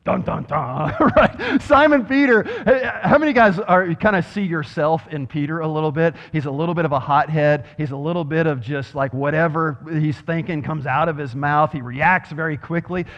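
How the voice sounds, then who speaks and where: Animated male preacher in a reverberant church. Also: on the high side. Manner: animated, swings between loud emphasis and quiet reverent passages; acts out quoted voices with humor. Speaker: pastor. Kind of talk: sermon. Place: church sanctuary with congregation. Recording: dull, reverberant hall sound.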